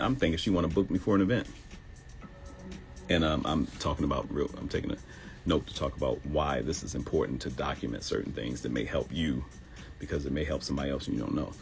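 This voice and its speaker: A middle-aged man, a comedian hosting his own live show, telling stories in an animated, joking way. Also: extremely low pitch, vocal fry, rough recording.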